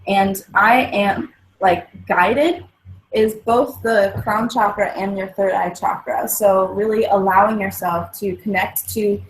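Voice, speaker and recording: A woman's voice: medium pitch, steady tone, slow pace, poor audio. A woman, a guest on a wellbeing talk show, explaining positive self-talk and mantras in an earnest, casual way. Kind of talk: casual chat.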